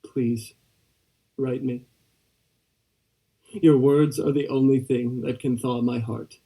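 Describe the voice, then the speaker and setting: A young man student actor voicing a lonely letter-writer who begs for a reply, in a slow, aching dramatic monologue. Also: mid-range voice, level tone, mellow, slightly rough, recorded from a distance. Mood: longing. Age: young adult. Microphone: video call.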